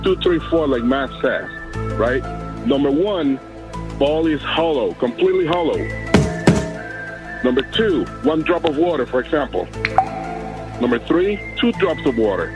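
A male caller earnestly lays out his theory point by point. His voice is mid-pitched, and music plays clearly behind him.

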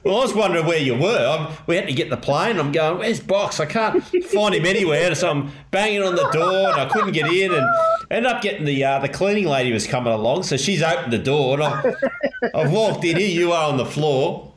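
A man's voice: a little high, lively intonation, a little fast, fairly bright tone, reverberant, slight background noise. An Australian man co-hosting a podcast, chatting casually and chuckling as he talks. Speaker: podcast co-host. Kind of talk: casual chat.

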